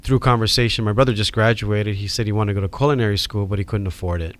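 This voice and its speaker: A middle-aged man from Hawaii with a Hawaiian accent, telling animated stories as a podcast guest. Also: on the low side, fast. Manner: animated storyteller acting out quoted voices. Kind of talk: storytelling in a podcast interview.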